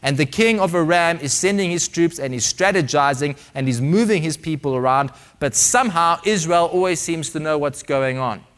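A man preaching a sermon, dramatic, swinging between loud emphasis and hushed, quiet passages. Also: on the high side, normal speed, few pauses.

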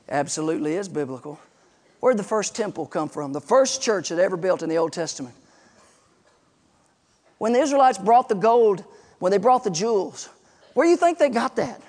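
A man's voice: high voice, animated, normal speed, long pauses, a little mellow. A man in his forties preaching a sermon, telling a story and stressing points emphatically. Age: 40s. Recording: long reverb in a large hall.

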